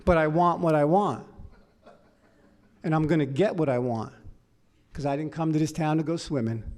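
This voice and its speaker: A man from Los Angeles telling his life story at a recovery meeting, animated and profane. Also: fairly high pitch, normal speed. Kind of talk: personal story talk.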